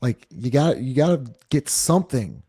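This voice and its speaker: Mellow-voiced man in casual sports talk. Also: medium pitch, very animated, moderate pace, breathy edge, no echo. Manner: casual, hedging with "like". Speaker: co-host of a postgame show. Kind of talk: live sports talk stream.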